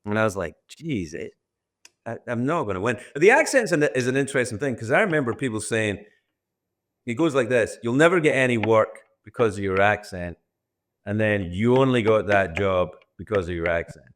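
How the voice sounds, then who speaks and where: A lower-voiced Scottish man in his sixties, talking as a podcast interview guest. He rambles and often restarts his sentences, and he pokes fun at himself as he goes. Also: lively intonation, moderate pace. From Scotland.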